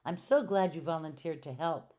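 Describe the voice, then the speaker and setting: A woman's voice: low voice, moderate pace, warm tone, close to an everyday voice. A woman reading aloud and voicing a kind, patient female schoolteacher in a storybook, friendly and explaining.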